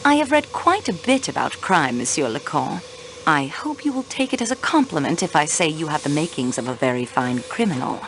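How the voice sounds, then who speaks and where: A sharp young woman investigator in a mystery game, questioning suspects with polite insistence. Her voice sits a little low yet moves widely in pitch, giving each observation a pointed lift. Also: sing-song, a little fast, slight background noise, low-quality recording. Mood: poised, probing. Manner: poised, probing, politely insistent. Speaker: amateur investigator, railway clerk. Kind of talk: video game voice acting.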